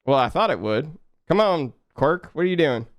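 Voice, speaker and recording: A man's voice: on the high side, lively intonation, moderate pace, dry recording, studio quality. Laid-back young man streaming code. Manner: laid-back, chatty, laughs often, talks to chat. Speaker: live-coding streamer. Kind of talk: casual live-stream chat while coding.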